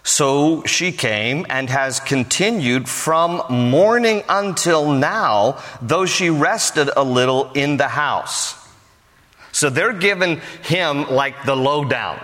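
A man's voice: on the high side, animated, slow, a bit bright. A man preaching a sermon, joking conversationally and telling the story with plenty of animation. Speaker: pastor. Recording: hall reverb.

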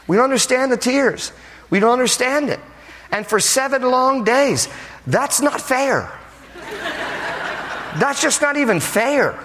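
A male pastor preaching a sermon, telling a story in a humorous, animated way. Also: very high-pitched, unhurried, pauses often, a little hiss or hum. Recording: long reverb of a large hall.

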